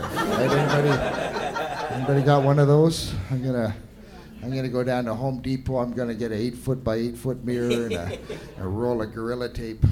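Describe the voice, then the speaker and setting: A man's voice: mid-range voice, darkish tone, slight background noise. A middle-aged Canadian man doing a stand-up set, rambling and self-deprecating, tagging lines with "right?". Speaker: stand-up comedian. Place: live comedy venue with audience laughter.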